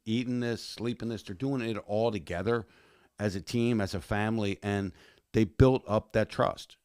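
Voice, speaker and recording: A man, a former fighter and podcast guest, telling animated stories and swearing freely. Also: on the low side, moderate pace, smooth, no room sound, clean studio sound. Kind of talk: casual podcast chat.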